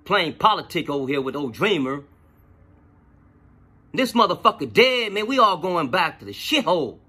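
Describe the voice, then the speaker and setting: A man tells a story from his own life, swearing freely and getting animated. His voice sits a little high, with a bright, husky timbre. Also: normal speed. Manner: profane, animated, lots of fillers. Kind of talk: casual personal storytelling.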